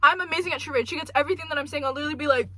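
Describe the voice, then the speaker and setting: A woman's voice: high voice, very fast. A teenage girl chatting casually, teasing her friend and telling stories in an exaggerated way. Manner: animated, teasing, exaggerated storytelling. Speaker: co-host. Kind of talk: casual chat.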